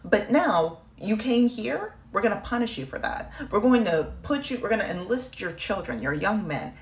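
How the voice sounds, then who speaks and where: A woman's voice: medium pitch, sing-song, normal speed, pitched above the performer's own voice. Give me a sarcastic, callous official, as a woman puts him on in an echoey room. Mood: mocking. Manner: sarcastic, taunting. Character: mocking male official, gleeful and callous.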